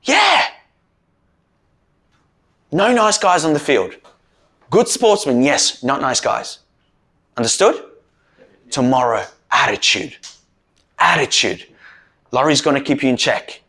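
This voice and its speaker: A man, a mental performance coach giving a rousing team talk and leading loud chants. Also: a little high, lively intonation, normal speed.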